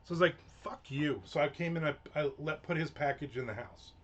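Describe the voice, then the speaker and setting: A man telling a story in a casual, aggravated rant, heavy with swearing. His voice sits a little high for a man. The audio is dull and lo-fi, like a home livestream mic. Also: fairly quick. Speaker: livestream host. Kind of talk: casual ranting monologue.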